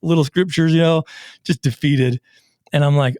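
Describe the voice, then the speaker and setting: A middle-aged man hosting a casual podcast interview, an animated storyteller who acts out the voices in his anecdotes. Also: a little high, normal speed, dry recording, studio quality. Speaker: podcast host and recovery coach.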